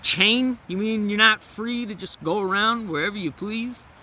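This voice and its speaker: A man's voice: sits high, moderate pace, pushed and bright, a little hiss or hum, voice pushed up. A man doing a laid-back hungry wolf. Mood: casual. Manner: laid-back, slangy drawl. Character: hungry wild male wolf, free-spirited.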